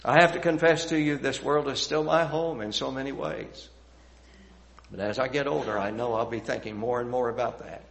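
Middle-aged male preacher, earnest sermon delivery, emphatic builds, soft hushed phrase endings. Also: mid-range voice, fairly even intonation, normal speed, creaky.

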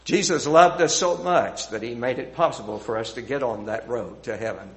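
Middle-aged male preacher, earnest sermon delivery, emphatic builds, soft hushed phrase endings. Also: mid-range voice, moderate pace.

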